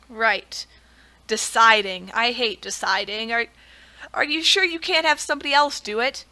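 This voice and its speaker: Young woman gamer, bright and chatty commentary, laughs at herself often. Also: on the high side, animated, normal speed. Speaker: gaming video creator. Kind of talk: casual gameplay commentary.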